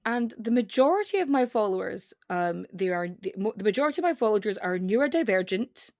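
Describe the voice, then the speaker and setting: A woman chatting as a podcast guest, explaining at length in loose, rambling runs full of restarts. Her mid-pitched voice has a strong vocal fry, and the recording is close and dry. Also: sing-song, fairly quick, dry recording. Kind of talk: casual podcast conversation.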